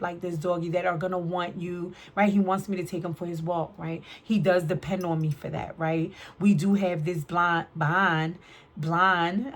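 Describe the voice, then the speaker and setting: A woman's voice: fairly low pitch, fairly bright tone. A woman giving a casual spiritual card reading to her viewers, chatty, often tagging her sentences with "right?". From New York City. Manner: chatty, keeps asking "right?". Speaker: tarot reader.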